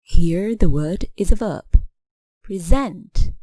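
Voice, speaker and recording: A woman's voice: on the low side, lively intonation, unhurried, mellow, dry recording, low-quality recording. A woman narrating a scripted English lesson, spelling out suffixes letter by letter and reading example words one at a time. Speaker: English teacher.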